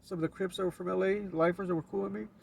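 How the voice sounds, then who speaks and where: Casting: LA man, gravelly and raspy, laid-back storyteller heard from off-mic. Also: high voice, steady tone, very fast, distant mic, slight background noise. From Los Angeles. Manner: laid-back street slang with frequent restarts. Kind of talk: casual storytelling.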